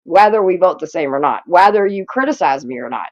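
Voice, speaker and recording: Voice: mid-range voice, lively intonation, a little fast, lo-fi sound. A streamer talking casually and loosely to the chat, with fillers and profanity. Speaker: streamer reacting to a clip.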